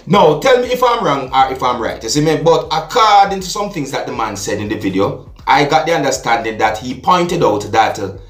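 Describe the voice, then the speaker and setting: A man's voice: a little high, fairly bright tone, distant mic. A Jamaican man hosting a vlog, talking through news with his viewers and often asking "you see me". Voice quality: patois-tinged, repeats "you see me". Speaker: vlogger. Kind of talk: casual news commentary. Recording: roomy echo, off mic, music behind.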